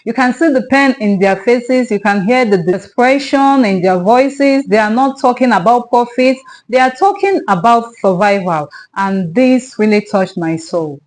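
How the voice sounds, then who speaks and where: A woman's voice: on the high side, normal speed, few pauses. A woman hosting a reaction video, earnest and sympathetic in tone. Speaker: host.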